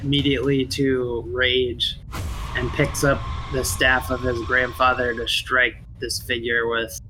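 A man's voice: mid-range voice, completely flat delivery, unhurried, background noise. A man playing a tabletop game, plainly describing what his character does. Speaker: player.

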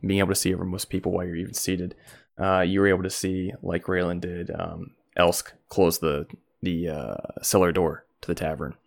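A man's voice: low voice, flat delivery, normal speed, gravelly. A man narrating as game master at home, rambling with lots of fillers.

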